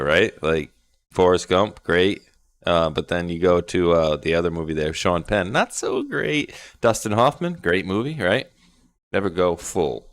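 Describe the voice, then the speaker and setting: A man co-hosting a relaxed livestream chat. His voice sits very low but moves around a lot. He laughs easily and lets his words drop away into soft mumbles. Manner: laughs often, trails off, drops to a mumble. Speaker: podcast co-host.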